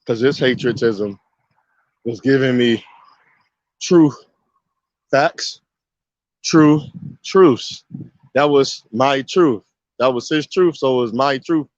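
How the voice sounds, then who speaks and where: A man's voice: medium pitch, takes it slowly, long pauses, dry recording. A man giving a casual spoken monologue, emphatic and repetitive, driving his points home with rhetorical questions. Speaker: video commentator. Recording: dull, muffled dry recording.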